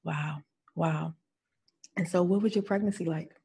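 Husky-voiced woman hosting an interview. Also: low voice, fairly even intonation, unhurried, dark tone. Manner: supportive, with frequent affirming murmurs. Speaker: podcast host. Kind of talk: casual interview.

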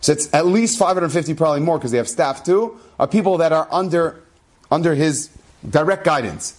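A rabbi tells a story from his own life with lots of animation. His fairly high male voice leaps up on the words he wants to stress, and his delivery is emphatic and expressive. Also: a little fast. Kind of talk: storytelling talk to a congregation.

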